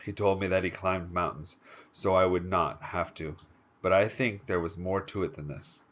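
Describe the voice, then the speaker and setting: A man voicing a calm, composed teenage boy who speaks in a measured, reflective way. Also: deep voice, dull audio.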